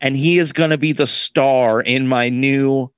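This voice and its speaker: A man co-hosting a podcast in casual chat, joking with quick interjections. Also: medium pitch, fairly even intonation, clean tone, no echo. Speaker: podcast co-host.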